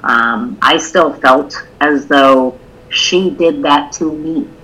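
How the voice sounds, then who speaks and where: A woman's voice: low voice, slow pace, pushed and bright, husky, rough recording. A woman co-hosting a podcast, telling a personal story in a candid, open way during a casual conversation. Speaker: podcast co-host.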